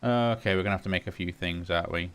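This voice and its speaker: A man hosting a relaxed gaming session, thinking aloud and chatting to the items he crafts. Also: sits low, fast talker. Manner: muses aloud, talks to game items. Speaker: gaming channel host. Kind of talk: casual gameplay commentary.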